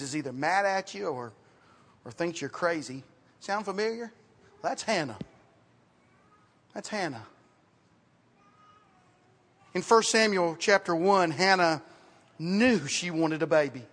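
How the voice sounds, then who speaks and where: A man preaching a sermon as pastor, in a conversational style, repeating words and dropping to quiet asides. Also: on the high side, animated, unhurried, pauses often. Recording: reverberant hall, sometimes off mic.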